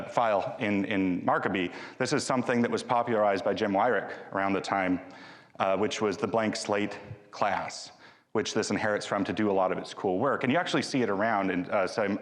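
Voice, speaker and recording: A man giving a live conference talk with a demo, chatty and joking, often restarting his sentences. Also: on the low side. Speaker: conference speaker. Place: large conference hall. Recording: long hall reverb.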